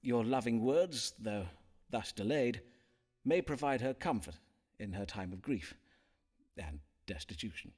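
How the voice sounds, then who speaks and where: A tactful Elizabethan astrologer. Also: male voice, medium pitch, lively intonation, measured pace, darkish tone, faint music behind. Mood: grave. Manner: polite, archaic phrasing. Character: courteous male Elizabethan astrologer-physician, smooth and tactful. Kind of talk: game voice acting.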